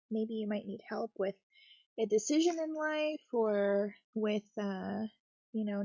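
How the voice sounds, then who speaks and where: A woman chatting in a gentle, reassuring way while she builds a craft kit, talking close to her desk mic. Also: on the high side, no room sound, highs cut off. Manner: soft-spoken, reassuring, gentle. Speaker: craft streamer. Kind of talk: cozy casual chat while building.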